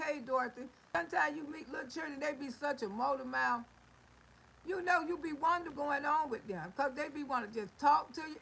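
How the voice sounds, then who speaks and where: High, gravelly woman livestreaming. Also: fairly bright tone, a little hiss or hum, poor audio. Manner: folksy, scolding, storytelling with laughs and exclamations. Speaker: livestream host. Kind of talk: casual livestream talk to viewers.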